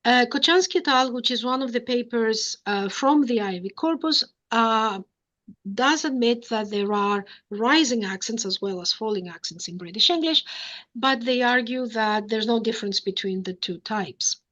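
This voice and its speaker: A woman giving an academic lecture, explaining step by step, often pausing on "uh" and checking with "okay?". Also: fairly high pitch, fairly bright tone.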